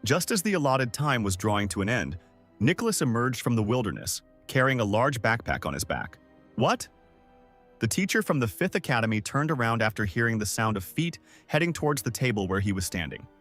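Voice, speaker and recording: Male recap narrator, lively scripted storytelling, mid pitch, animated. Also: a little fast, soft background music.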